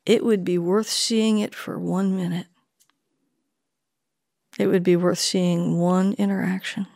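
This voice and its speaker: Animated woman retelling a story. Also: fairly low pitch, slow, gravelly, no echo, studio quality. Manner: animated, acts out the dialogue she recounts. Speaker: interviewee. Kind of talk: personal storytelling.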